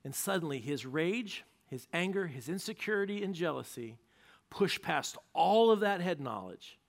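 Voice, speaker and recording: A male pastor preaching a sermon, retelling a story with animated narration and acted-out quotes. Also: on the high side, normal speed, vocal fry.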